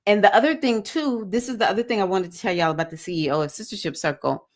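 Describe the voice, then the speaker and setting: A woman with a Southern accent hosting a livestreamed spiritual circle for women, talking in an earnest, preachy way with bursts of excitement. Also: mid-range voice, quick pace. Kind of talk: livestream talk to a women's group.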